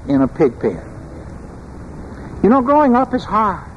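High-voiced man preaching a sermon. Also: very animated, muffled recording. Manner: measured, emphatic preaching with rhetorical questions. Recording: long hall reverb, faint background noise.

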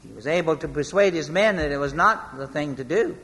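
Male pastor, high tenor, sermon delivery, long hall reverb. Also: fairly bright tone. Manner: storytelling, slowing for emphasis.

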